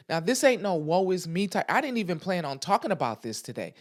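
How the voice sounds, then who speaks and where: A woman's voice: lowish voice, sing-song, fairly quick, few pauses. Woman podcast host, solo monologue; blunt, repeats lines for emphasis, speaks right to the listener. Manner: emphatic, repeats phrases for stress; talks straight to listeners, frank and blunt. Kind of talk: casual motivational podcast monologue.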